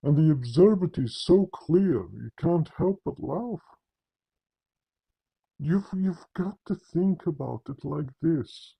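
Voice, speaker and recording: A man's voice: a little high, animated, takes it slowly, vocal fry, husky, muffled recording. A man giving a confrontational religious commentary, addressing listeners directly with emphatic, repetitive phrasing and frequent restarts. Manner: frequent restarts and repeated words. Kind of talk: polemical monologue to camera.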